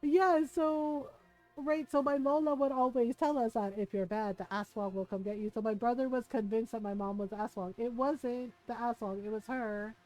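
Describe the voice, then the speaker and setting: A woman streamer with a high voice chats casually to her viewers while playing, telling stories in an animated, laughing manner with plenty of swearing. Faint game music plays underneath her. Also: normal speed, rough recording. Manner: animated, profane, laughing storyteller.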